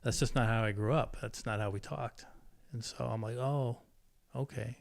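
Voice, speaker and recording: Candid man in his fifties, halting. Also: lowish voice, steady tone, creaky. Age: 50s. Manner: emotional, candid, halting with restarts. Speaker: podcast guest. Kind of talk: personal storytelling interview.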